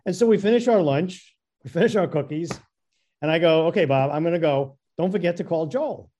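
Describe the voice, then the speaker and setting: A man recounts an old work story, tripping over his words and doubling them as he mimics the people involved. His voice sits a little high but sounds mellow and dark in tone. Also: lively intonation, a little fast. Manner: stammering, repeats words, acts out quoted voices. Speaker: guest storyteller. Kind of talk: casual anecdote telling.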